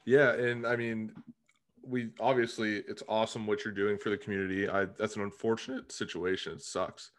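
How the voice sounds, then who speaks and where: Man hosting a casual interview, low voice, relaxed delivery. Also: moderate pace. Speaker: host.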